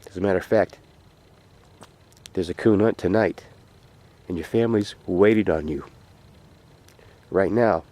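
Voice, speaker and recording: A man voicing a kindly male guide from heaven, gentle and welcoming. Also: low voice, measured pace, pauses often. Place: outdoors by a frozen lake.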